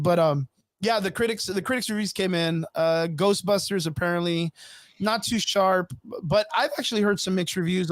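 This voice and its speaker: A man's voice: high-pitched, dry recording, studio quality. A man hosting a casual live stream, rambling loosely with lots of fillers and frequent swearing. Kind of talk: casual chat. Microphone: home streaming setup.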